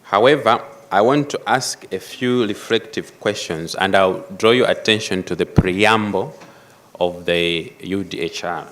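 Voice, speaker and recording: Measured man giving a formal speech. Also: sits low, fairly bright tone. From Malawi. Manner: measured, emphatic, repeats key phrases. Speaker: conference speaker. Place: conference hall.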